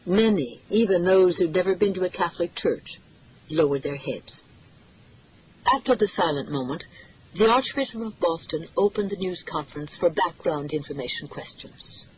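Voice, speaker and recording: A narrator reading a thriller audiobook in a steady, dramatic storytelling manner. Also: female voice, on the low side, normal speed, slight background noise. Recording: tinny phone-like audio.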